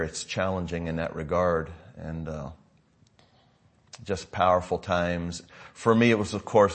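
A middle-aged American man preaching to his congregation, telling stories in a loose, conversational way with frequent asides. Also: low-pitched. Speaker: pastor. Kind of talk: sermon update to a congregation.

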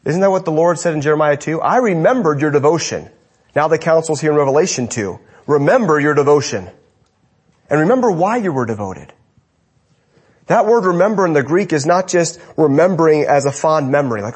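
Male pastor, fairly high husky voice, lively emphatic sermon delivery with hushed stresses. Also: brisk. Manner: emphatic, drops to a hush for stress.

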